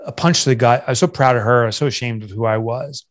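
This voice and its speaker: A man's voice: mid-range voice, steady tone, racing. Earnest man sharing a hard story. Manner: earnest, confessional, restarts often. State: emotional, voice catching. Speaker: guest, entrepreneur and author. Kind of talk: candid interview storytelling.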